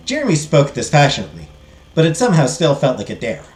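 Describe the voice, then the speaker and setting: A man's voice: on the high side, fast. A middle-aged man from the United States reading a game's story aloud and chatting between lines, in an echoey room with faint music behind. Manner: expressive reader, chatty asides. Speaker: host.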